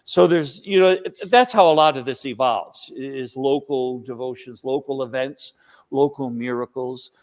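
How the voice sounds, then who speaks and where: A man's voice: medium pitch, normal speed. A man who is a priest, answering interview questions in a rambling, explanatory way with frequent fillers. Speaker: Byzantine Catholic priest.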